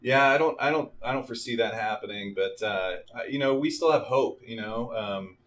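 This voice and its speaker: A man speaking as a marketing director guest in a casual interview, relaxed with many fillers and restarts. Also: medium pitch, brisk. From Dallas.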